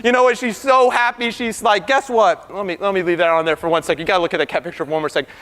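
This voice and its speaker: A computer science professor giving an animated debate speech, firing rhetorical questions at the crowd. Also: male voice, high voice, racing. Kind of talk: lively debate speech to an audience. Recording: reverberant hall.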